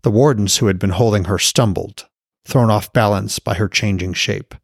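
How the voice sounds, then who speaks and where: A man narrating his own fantasy novel aloud in a steady, scripted audiobook reading. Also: on the low side, normal speed, vocal fry, dry recording, clean studio sound. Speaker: author and podcast narrator.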